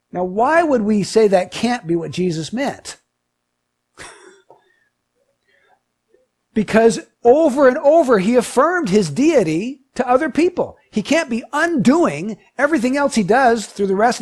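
A male preacher with a husky, fairly high voice that swings widely in pitch. He delivers his sermon with animation, building to emphatic peaks before falling back low and quiet. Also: sing-song, normal speed. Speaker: pastor.

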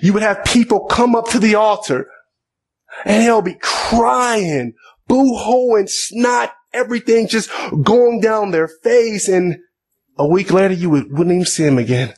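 High-voiced man preaching a sermon. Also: measured pace. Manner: reads scripture then explains in plain conversational asides; repeats words and restarts phrases.

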